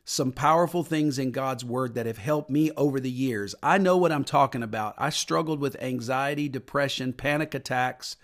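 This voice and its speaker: A middle-aged man hosting a faith podcast as a minister. He talks earnestly at a mid pitch, lifting his voice when he preaches and going quiet and low when he tells personal stories. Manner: earnest preaching, rises on scripture and drops low for personal story. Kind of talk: podcast sermon talk.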